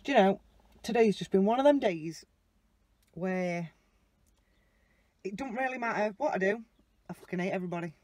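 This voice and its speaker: A woman's voice: medium pitch, darkish tone, no echo. A young British woman ranting and telling a story in a chatty, sweary way while driving, talking into her phone mounted on the dashboard. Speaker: vlogger. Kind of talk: casual storytelling rant. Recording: dull lo-fi phone audio.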